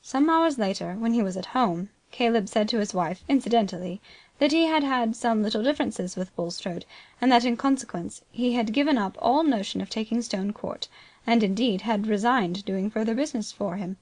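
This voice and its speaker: A woman's voice: a little high, lively intonation, moderate pace, darkish tone, dry recording. Woman narrating a classic novel. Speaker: audiobook narrator. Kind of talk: scripted narration.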